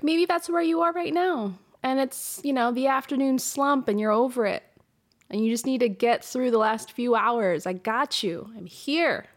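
A woman hosting a solo podcast, talking frankly and emotionally, swearing freely and getting worked up. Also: a little high. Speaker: podcast host. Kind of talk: candid solo podcast monologue. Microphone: podcast microphone.

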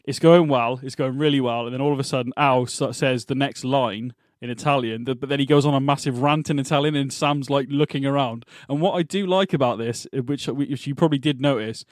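A man's voice: medium pitch, fairly even intonation, fairly quick, no room sound, clean studio sound. A man co-hosting a podcast, chatting casually about a TV episode and rambling and correcting himself as he thinks aloud. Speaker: podcast co-host. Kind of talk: casual chat reviewing a TV episode.

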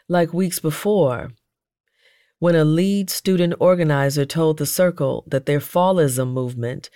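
A man's voice: fairly high pitch, no room sound, clean studio sound. Earnest man reading a memoir. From United States. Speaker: memoir narrator. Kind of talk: audiobook memoir narration.

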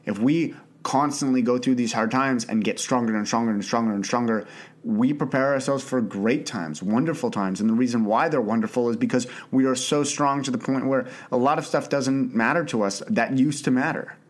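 A man's voice: mid-range voice, brisk. A young man hosting a solo podcast, talking earnestly and off the cuff with frequent restarts and the odd swear word. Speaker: podcast host. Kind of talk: unscripted solo podcast monologue.

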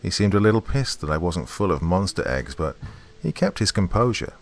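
A man's voice: low voice, big pitch swings, a little fast, faint music behind. A man narrating a horror story in the first person, in a tense, dramatic way.

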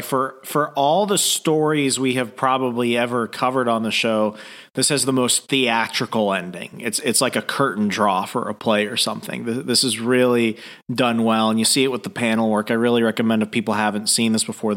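A man's voice: medium pitch, steady tone, brisk, fairly bright tone. A man hosts a casual comic book review podcast. He speaks in a middle male register and talks loosely, often restarting his sentences. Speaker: podcast host.

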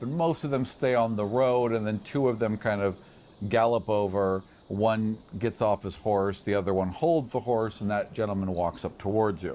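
A man's voice: lowish voice, a little mellow, slight background noise. A man narrating as game master in a chatty, self-correcting way, with frequent laughs.

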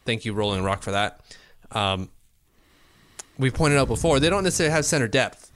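On a casual hockey podcast, a male co-host talks through his opinions with lots of restarts and fillers. His mid-range voice is expressive, brisk and a little bright.

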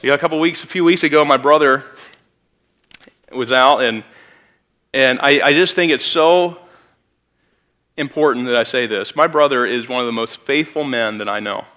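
Bright-voiced youth pastor preaching. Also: male voice, mid-range voice, normal speed, long pauses. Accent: Midwestern American. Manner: conversational storytelling with sudden emphatic rises. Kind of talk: sermon. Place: church sanctuary.

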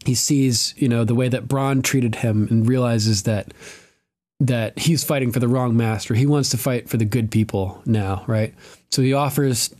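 A man hosting a podcast, recapping a TV episode in casual chat, animated, laughing often and swearing freely. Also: mid-range voice. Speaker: podcast host.

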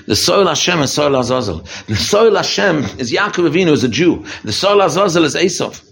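A man's voice: fairly quick, vocal fry. A man giving an emphatic sermon as a rabbi, often repeating and restarting his phrases. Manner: lively, emphatic preaching that swings from low and quiet to high and intense. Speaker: rabbi giving a holiday talk.

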